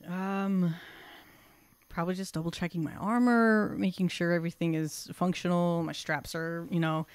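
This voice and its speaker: A woman's voice: lowish voice, fairly even intonation, normal speed, clean tone, dry recording. A woman playing a tabletop game, casually thinking aloud. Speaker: player.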